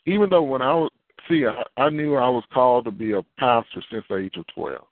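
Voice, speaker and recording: Pastor preaching over a tinny line. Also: male voice, mid-range voice, fairly quick, no echo. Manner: animated, acts out dialogue, repeats himself. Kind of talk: preaching sermon.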